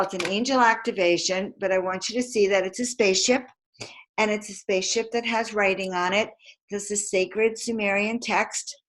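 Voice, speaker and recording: The audio is poor, but her mid-range, fairly bright voice comes through as she gives a live motivational talk. She's a spiritual teacher and card reader, emphatic in delivery, chanting affirmations and trading calls and responses with her audience.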